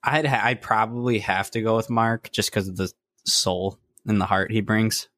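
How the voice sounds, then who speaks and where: A man co-hosting a podcast in casual chat, animated and slipping into high mocking voices when he quotes people. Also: normal speed, dry recording, clean studio sound. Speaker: podcast co-host.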